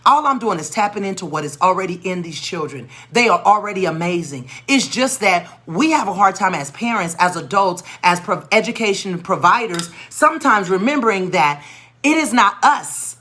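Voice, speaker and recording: A woman educator telling a classroom story in an animated, expressive way, acting out the voices of the people in it. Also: mid-range voice, normal speed. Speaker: educator and tutor. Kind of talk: storytelling teaching talk.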